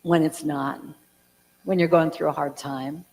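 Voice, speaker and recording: A woman's voice: low voice, steady tone, unhurried, a little mellow. A woman in her sixties talking casually to a church congregation, with a chatty storytelling manner full of fillers and acted-out quotes. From California. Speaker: guest speaker and singer. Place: large church hall. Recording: reverberant hall.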